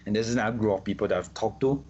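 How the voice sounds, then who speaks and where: A Singaporean man chatting casually in a fairly low voice, tripping over his words and repeating himself as he gets animated. The recording sounds muffled and lo-fi. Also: rapid-fire, a little hiss or hum. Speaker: guest. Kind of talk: casual conversation.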